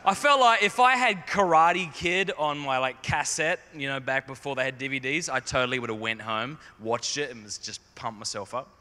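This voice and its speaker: A man's voice: medium pitch, moderate pace, hardly any pauses, pushed and bright. A man telling a humorous, self-deprecating story as a speaker to a youth audience in a large conference hall. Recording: long hall reverb.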